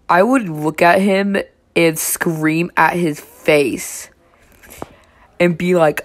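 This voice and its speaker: A woman's voice: fairly low pitch, steady tone, slow. A young woman reading fan fiction aloud with blunt, swear-heavy running commentary. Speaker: reaction channel host.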